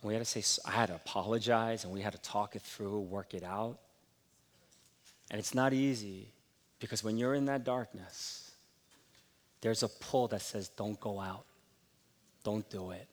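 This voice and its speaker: A man's voice: on the low side, moderate pace, long pauses. A middle-aged man preaching a sermon, telling candid, self-deprecating stories about his own week. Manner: candid, self-deprecating storytelling, rising animated. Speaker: pastor. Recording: long hall reverb.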